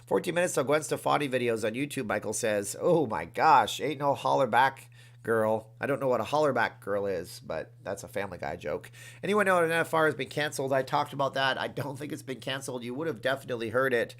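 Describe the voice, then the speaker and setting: A man hosting a casual livestream from his room, chatty and reading out viewer comments and thanking them with excitement. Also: medium pitch, a little fast. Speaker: livestream host.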